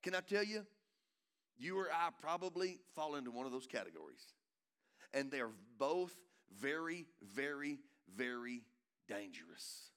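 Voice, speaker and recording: Bright-voiced preacher, man. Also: medium pitch, sing-song, a little slow, smooth. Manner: preaching with swings from loud urging to hushed tenderness; calls out to the congregation with repeated phrases. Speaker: pastor. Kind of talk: sermon. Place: church sanctuary.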